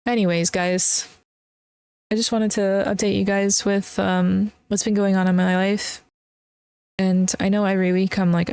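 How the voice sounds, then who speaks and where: A woman's voice: on the low side, creaky, a little mellow, clear, resonant tone, no room sound. Earnest young woman podcast host. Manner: earnest, emotional, encouraging. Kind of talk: casual solo podcast talk.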